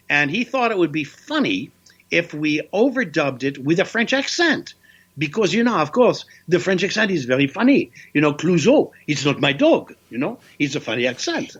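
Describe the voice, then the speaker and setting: Older male voice actor guest, animated anecdotal delivery, muffled lo-fi audio. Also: medium pitch. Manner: animated, lively storyteller with playful voice bits. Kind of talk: anecdotal interview storytelling.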